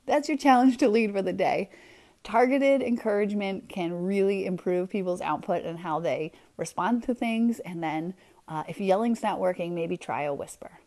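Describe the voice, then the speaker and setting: A woman's voice: mid-range voice, normal speed. Chatty woman podcast host. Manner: chatty, animated storytelling with many fillers. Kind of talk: casual motivational talk.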